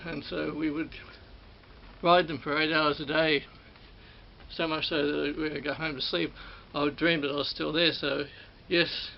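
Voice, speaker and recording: A man's voice: on the high side, gravelly. A middle-aged man, reminiscing in a rambling way about an old job, often repeating and correcting himself. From Australia. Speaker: former ride operator reminiscing. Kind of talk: casual spoken reminiscence. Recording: dull sound with faint hiss.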